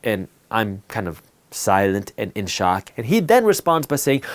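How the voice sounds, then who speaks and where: Male host for a finance talk. Lively pitch, punchy repetition, storytelling delivery. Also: a little fast. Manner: emphatic, repeats key words for effect.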